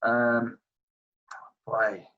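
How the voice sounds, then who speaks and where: A man's voice: medium pitch, extremely slow. English guy in his 40s rambling through old stories, lots of "like"s, muffled lo-fi sound. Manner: animated, rambling, full of fillers. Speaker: streetball player guest. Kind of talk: casual interview storytelling. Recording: dull lo-fi audio.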